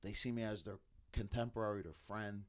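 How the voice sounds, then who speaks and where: A middle-aged man in casual podcast chat, an animated storyteller who acts out what others said. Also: on the low side, fairly quick, no room sound. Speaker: band member, father of bandmates.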